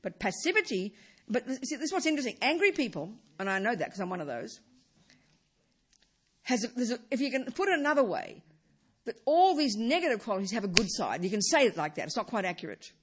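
A woman giving a Buddhist dharma talk, emphatic, often repeating words and restarting sentences, with phrases that fall low and soft at the end. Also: fast. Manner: lively pitch, drops low and soft at phrase ends. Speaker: Buddhist teacher.

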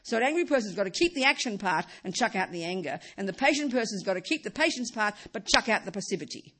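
A woman's voice: medium pitch, expressive, fast, a bit bright. A woman teaching a Buddhist dharma talk, who talks in bursts, repeats and restarts phrases, and keeps asking the listeners rhetorical questions.

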